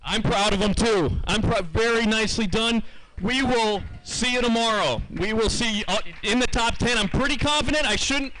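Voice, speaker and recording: A high, pushed, bright voice at normal speed belongs to a man announcing an outdoor fishing tournament weigh-in live. He keeps things lively and conversational, repeating each weight, and the audio is poor.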